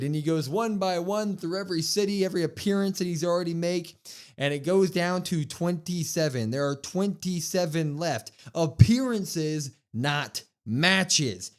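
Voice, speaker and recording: A man with a fairly high voice hosts a casual podcast. He tells a wrestling show back in a lively, fast play-by-play recap. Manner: lively play-by-play retelling, quick and chatty. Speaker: podcast co-host.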